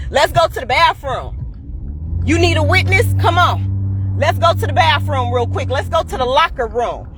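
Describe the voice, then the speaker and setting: A woman in her forties vents straight into her phone camera, her high voice swinging widely up and down as she hammers each point. She is blunt, profane and repetitive, with a faint hum of noise underneath. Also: animated, measured pace, a bit bright. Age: 40s. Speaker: school cafeteria worker. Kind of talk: profane personal rant to camera.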